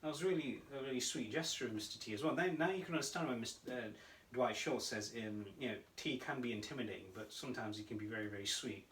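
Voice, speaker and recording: Male podcast co-host, mid pitch, animated storytelling, roomy echo, distant mic. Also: fast talker, slight background noise. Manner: animated storytelling, laughs often. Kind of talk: casual chat.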